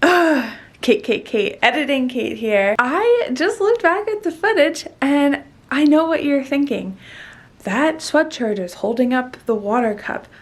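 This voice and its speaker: A woman's voice: high voice, animated, unhurried. A woman fitness vlogger recording a playful, self-mocking voice-over aside about her own footage.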